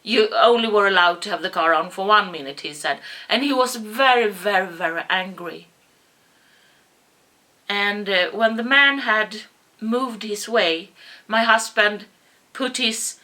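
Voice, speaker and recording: Bright-voiced woman telling a personal story. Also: mid-range voice. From Sweden. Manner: halting, repeats words, rises to yelling when quoting herself. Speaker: vlogger.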